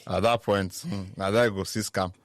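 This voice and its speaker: A man with a Nigerian accent co-hosting a casual podcast chat, teasing and animated, slipping into pidgin. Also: low voice, moderate pace, dry recording. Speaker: podcast co-host.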